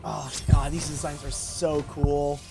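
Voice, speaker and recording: A man's voice: on the high side, little pitch movement, unhurried, over music. A man streaming a game live, chatting with his viewers with melodramatic, mock-whining outbursts on a desk microphone. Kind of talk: live gameplay stream chat.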